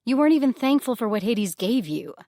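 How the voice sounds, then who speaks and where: A woman's voice: fairly high pitch, very animated, a little fast, mellow, no room sound, studio quality, pitched above the performer's own voice. A woman voicing a guarded young goddess in an audiobook, answering in cool, clipped, wary lines. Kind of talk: audiobook character voice.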